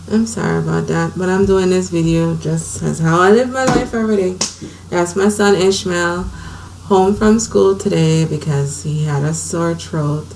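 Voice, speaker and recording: Creaky-voiced woman telling her story. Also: low voice, darkish tone, slight background noise, poor audio. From Saint Croix, US Virgin Islands. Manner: candid, conversational, emotional retelling. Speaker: vlogger. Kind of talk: personal storytelling. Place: her home.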